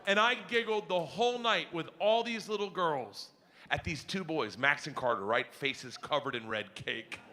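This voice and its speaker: A middle-aged man doing stand-up, telling stories in a loud, crude, animated way that breaks into shouts. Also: fairly high pitch, normal speed. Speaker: stand-up comedian. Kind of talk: stand-up storytelling. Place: comedy club stage before a live audience. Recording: live room noise from the crowd.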